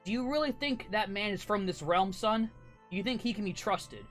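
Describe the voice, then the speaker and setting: A man's voice: high-pitched, moderate pace, a bit bright, faint music behind, voice pushed up. A man voicing a stern paladin commander. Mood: solemn. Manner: solemn, commanding speeches.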